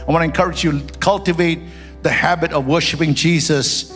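A man's voice: on the high side, brisk, over music. A man who is a pastor, preaching a sermon with personal stories and rising into fervent prayer. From Singapore. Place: church hall. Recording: church hall with long reverb.

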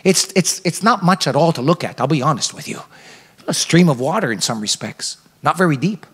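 High-voiced preacher in a reverberant church. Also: male voice, a little fast, husky. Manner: animated preaching, acts out quoted characters. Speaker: pastor. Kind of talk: sermon. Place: church sanctuary.

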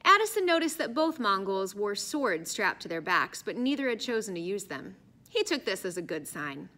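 A woman narrates an adventure story with an expressive, storytelling delivery. Her voice is bright and sharp. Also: medium pitch, normal speed. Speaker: audiobook narrator. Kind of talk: scripted narration.

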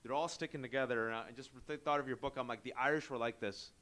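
A man interviewing an author at a live bookstore event, talking in a lively conversational way with joking asides and quick digressions. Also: medium pitch.

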